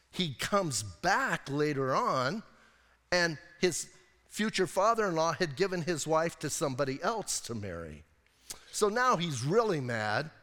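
A male pastor delivers a sermon in a relaxed, joking way, retelling scripture like a story and firing off rhetorical questions. His voice sits a little high for a man. The church sanctuary adds a long, trailing reverb.

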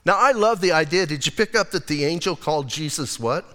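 A male pastor preaching a lively, conversational sermon and acting out quotes as he goes. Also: fairly high pitch, brisk, long reverb tail.

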